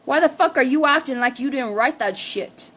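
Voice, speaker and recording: A woman's voice: high-pitched, normal speed, a bit bright. A woman co-hosting a livestream, ranting defensively and swearing, with Spanish phrases mixed in. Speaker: livestream co-host. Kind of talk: heated casual rant.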